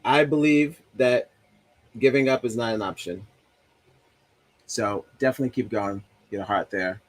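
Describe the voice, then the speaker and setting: Speaking at a moderate pace with a medium-pitched voice, a livestream host reads viewer comments aloud in easygoing, joking chat. Along the way he talks to himself about his broken soundboard.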